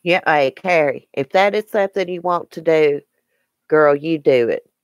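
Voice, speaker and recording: A woman's voice: low-pitched, normal speed, no room sound, dull audio. A woman with a Southern American accent hosting a casual live stream, chatting and answering viewer comments by name.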